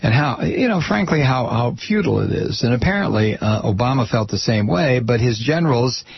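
Male talk host, gravelly and very husky; blunt, sarcastic rambling monologue on a dull lo-fi recording. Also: medium pitch, lively intonation, fairly quick, dry recording. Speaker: host of his own program. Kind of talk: political commentary monologue.

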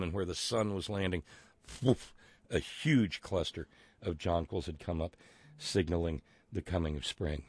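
A man's voice: low-pitched, breathy edge, no room sound. A man hosting a live talk show, reading listener messages aloud in a rambling, sardonic way with plenty of fillers. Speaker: show host.

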